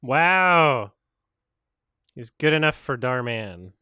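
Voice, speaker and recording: A man's voice: medium pitch, lively intonation, takes it slowly, bright, forceful tone, smooth, no room sound. A man hosting a watch-along, muttering dry, sarcastic reactions as he watches. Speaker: host reacting to a show. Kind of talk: casual watch-along commentary.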